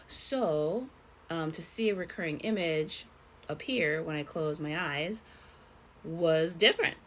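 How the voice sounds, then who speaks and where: A young woman telling a personal story in a rambling, halting way, with many fillers and restarts. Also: deep voice, a bit bright, a little hiss or hum, low-quality recording. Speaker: vlogger.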